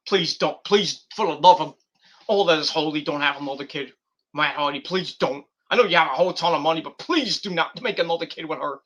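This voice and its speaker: A man's voice: on the high side, fairly quick, a bit bright. A man giving a rambling, profane and exasperated review of a wrestling show. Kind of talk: casual rant review.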